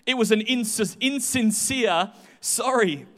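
Young male pastor, high voice, lively storyteller, long hall reverb. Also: measured pace. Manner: chatty, animated storytelling with voiced asides. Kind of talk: sermon with personal stories.

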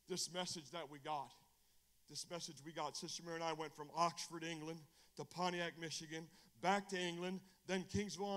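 A middle-aged man preaches with fervor at a Bible study, repeating phrases and frequently restarting. He alternates between loud outbursts and quiet, confiding speech.

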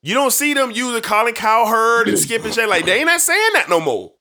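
A man's voice: extremely high pitch, fairly quick. A man hosting a sports talk show, talking about football in a casual, emphatic way full of slang. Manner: animated, emphatic, folksy slang.

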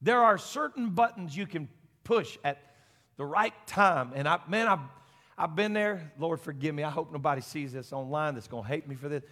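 A folksy, plainspoken middle-aged senior pastor preaches a Pentecostal sermon, moving between quiet talk and loud, shouted exhortation. His bright, fairly high voice rings with the long reverb of a church sanctuary.

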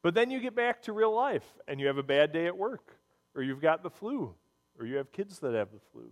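A man's voice: a little high, a little fast. Earnest preacher man in a reverberant hall. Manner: storytelling, earnest and animated. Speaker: pastor. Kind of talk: sermon.

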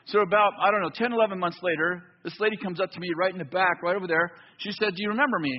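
A man preaching a sermon in a church, telling a story with lively back-and-forth dialogue. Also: high voice, racing, muffled recording. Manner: animated storytelling, acts out both sides of dialogue. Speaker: pastor.

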